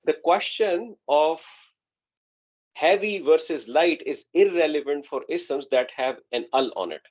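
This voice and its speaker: A man's voice: fairly high pitch, animated, measured pace, darkish tone, highs cut off. A man teaching an Arabic grammar class online, explaining patiently and often checking that students follow.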